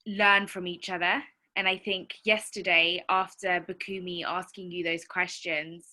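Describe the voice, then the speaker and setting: A woman chatting excitedly on a group video call, rambling with many fillers. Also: on the low side. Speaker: call participant. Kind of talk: casual group-call chat.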